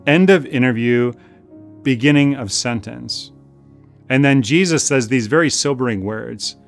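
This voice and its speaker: A man preaching a sermon as pastor, earnest and pleading, slowing down to repeat key phrases for emphasis. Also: medium pitch, vocal fry, soft background music. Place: church service.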